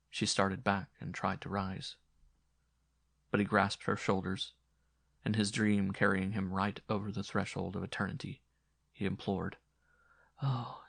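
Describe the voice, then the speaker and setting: A man narrating a horror tale in a measured, grave storytelling manner. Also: low-pitched, gravelly, a bit bright, breathy edge, no room sound, studio quality.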